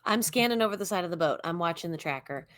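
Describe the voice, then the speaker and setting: A woman plays in a tabletop game, full of curious questions about what her character can do. Her voice sits on the low side for a woman. The sound is dry and close. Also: lively intonation, fast talker, fairly bright tone, no echo. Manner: curious, asking many questions. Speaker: player.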